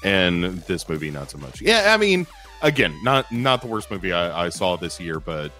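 A man co-hosting a podcast, talking over a film in halting, casual speech with sudden rises when making a point. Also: sits low, big pitch swings, sharp tone, faint music behind. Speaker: podcast co-host. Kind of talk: casual movie review chat.

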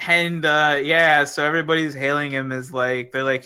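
Bright-voiced young man, rambling and profane. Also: fairly high pitch, level tone, moderate pace, clear, resonant tone. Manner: rambling, profane, with many fillers. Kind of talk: casual chat.

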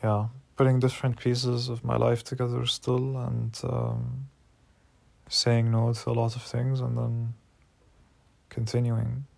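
A man's voice: medium pitch, monotone, measured pace, gravelly, a little mellow, no echo. A man in his twenties talking frankly and emotionally in a personal diary vlog, swearing freely when worked up. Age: 20s. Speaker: vlogger.

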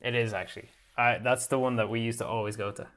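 A man's voice: medium pitch, steady tone, quick pace, fairly bright tone. Irish-based man in casual banter. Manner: joking, banters, puts on silly foreign voices. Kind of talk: casual chat among friends.

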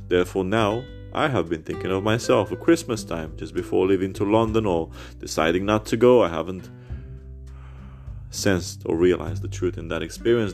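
A man's voice: on the low side, gravelly. A man recording a personal rant podcast on a phone, bitter and rambling, swearing a lot.

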